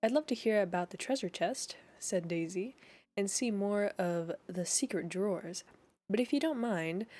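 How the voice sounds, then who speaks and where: A woman's voice: medium pitch, darkish tone, lightly acted. A woman voicing a courteous, practical young woman photographer in a storybook reading.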